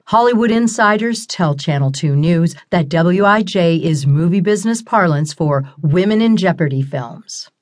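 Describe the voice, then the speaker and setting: A radio news announcer, read by a woman narrator delivers the bulletins in an even, formal newsreader manner. The pitch stays a touch low for a woman, and it fits the storybook reading around it. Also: normal speed, few pauses, close to an everyday voice.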